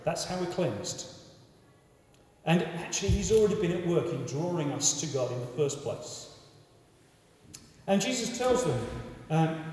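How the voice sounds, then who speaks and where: A man preaching a sermon in a conversational, animated way, often repeating words as he restarts. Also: high voice, moderate pace. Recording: echoey hall from far off.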